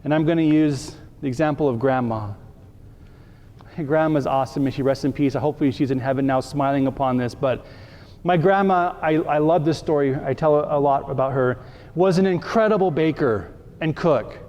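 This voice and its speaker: A male priest delivers a relaxed, conversational sermon in a church, his voice sitting high yet mellow in tone. He slips into playful little acted-out exchanges to make his point. The long reverb of the big hall trails behind every phrase. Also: moderate pace. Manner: conversational, acting out little dialogues for the congregation.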